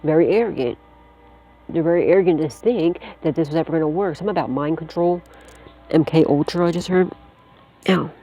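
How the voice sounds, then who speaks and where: A woman's voice: low-pitched, fairly quick, pauses often, mellow, slightly rough, faint music behind. A woman giving a casual psychic tarot reading, talking straight to the listener in a blunt, slangy way and swearing freely while reassuring them. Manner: reassuring, addresses the listener directly.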